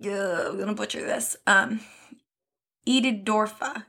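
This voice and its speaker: A woman's voice: on the high side, fairly even intonation, moderate pace, pushed and bright. A young woman co-hosting a podcast in casual chat, chatty and often laughing. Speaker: podcast co-host.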